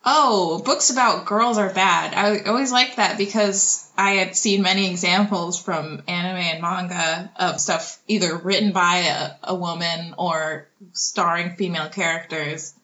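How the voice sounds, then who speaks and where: A woman's voice: on the low side, fairly even intonation, measured pace, few pauses, bright, forceful tone, dull audio, slight background noise. A woman comics creator, a guest on a podcast, chatting casually and laughing through her answers. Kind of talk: casual interview chat.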